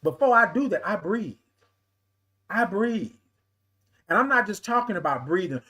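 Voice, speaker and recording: A man hosting a live morning talk stream, lively and playful, greeting viewers by name and calling them "y'all". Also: sits high, slightly rough. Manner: lively, playful, sing-song with laughs and calls of "y'all". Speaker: livestream host.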